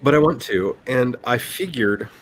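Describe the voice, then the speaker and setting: A man's voice: medium pitch, lively intonation, unhurried, slight background noise. A man in his forties chatting casually on a livestream, rambling along, reading his chat and laughing often. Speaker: livestream host, writer.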